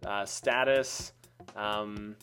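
A man's voice: on the low side, fairly even intonation, drawn-out words, fairly bright tone, soft background music. A young man, a webcomic artist, in casual podcast banter, rambling and joking at his own expense. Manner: joking, rambling, self-mocking with frequent laughs.

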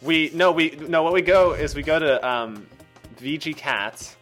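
A man's voice: on the high side, a little slow, over music. A young man, a webcomic artist, in casual podcast banter, rambling and joking at his own expense. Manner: joking, rambling, self-mocking with frequent laughs.

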